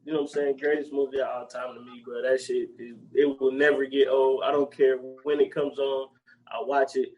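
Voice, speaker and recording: A young man co-hosting a podcast, casually retelling movie scenes with a lot of swearing and bursts of loud, high character voices. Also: moderate pace, dull audio. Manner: animated, profane, jumps into loud high-pitched character voices. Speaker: podcast co-host.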